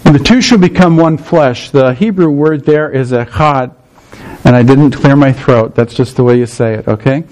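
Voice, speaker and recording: A middle-aged man preaching at a medium pitch, unpacking scripture in an explanatory way. He often pauses to check in with his listeners as he goes. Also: a little mellow, poor audio. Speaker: pastor. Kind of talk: sermon.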